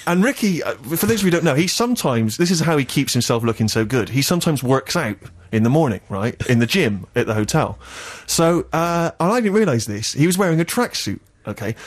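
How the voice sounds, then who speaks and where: A man hosting a comic radio show, telling anecdotes in an animated way and often laughing at himself. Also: a little high. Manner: animated storytelling, laughing at his own anecdotes. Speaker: radio host. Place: radio studio.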